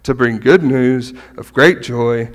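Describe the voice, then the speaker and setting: A middle-aged man giving a conversational sermon as a pastor, animated and often checking in with "right?". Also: medium pitch, takes it slowly. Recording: long hall reverb.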